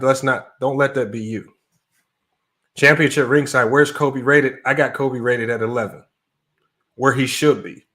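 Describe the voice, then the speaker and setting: Guy hosting a live sports debate, ranting hard, mid pitch, keeps saying man. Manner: animated, emphatic, repeats "man" often. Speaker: sports debate livestream host. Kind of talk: casual livestream rant.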